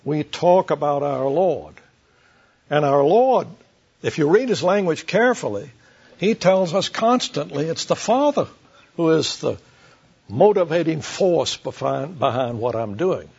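A man preaching an expository sermon to a congregation, slow and deliberate, emphatic, with light asides to his listeners. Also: on the high side, animated, creaky, darkish tone, husky. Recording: dull lo-fi sermon recording.

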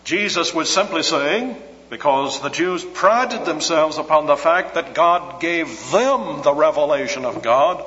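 A man preaching an expository sermon in a somewhat raised voice, measured and deliberate. He slows down and presses on the words he wants to stress. The sound is muffled and lo-fi, with long reverb from a large hall. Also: on the high side, animated, a bit bright.

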